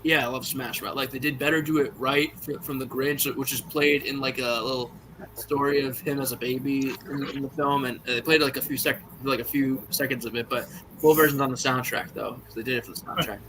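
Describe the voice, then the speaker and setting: A man's voice: medium pitch, fairly even intonation, brisk, background noise. A man in a casual online group chat, eagerly rattling off movie trivia over a voice call. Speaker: guest on a birthday stream.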